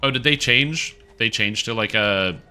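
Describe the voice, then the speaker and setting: Bright-voiced male game streamer. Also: lowish voice, a little slow, clear, resonant tone. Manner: chatty, rambling with many fillers. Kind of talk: casual gaming commentary.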